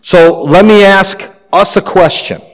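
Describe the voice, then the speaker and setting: Man preaching a relaxed sermon. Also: high voice, unhurried, poor audio. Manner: conversational preaching with light humor. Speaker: pastor.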